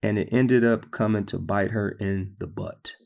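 A man preaching a sermon, retelling scripture stories in a conversational, animated way. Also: lowish voice, a little slow, gravelly.

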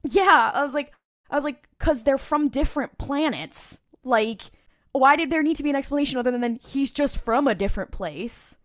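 A woman talks in a loose, rambling way, full of likes and ums. She gets animated and jumps from point to point. She is chatting casually with friends as a co-host. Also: high-pitched, a little fast. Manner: animated, rambling with many fillers. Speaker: podcast co-host. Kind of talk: casual group chat.

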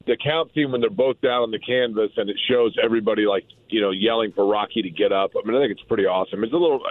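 A man's voice: on the low side, fast talker, dry recording. A chatty man rambles as a guest on a radio show and keeps restarting his sentences. He comes through a tinny phone line that sounds dry and boxed in. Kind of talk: casual radio chat.

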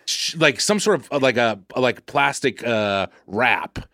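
Brief: male podcast co-host, lively swooping delivery, profane and rambling, dry close mic. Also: medium pitch, measured pace, no room sound. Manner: animated, profane, rambling with restarts. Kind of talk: casual comedic chat.

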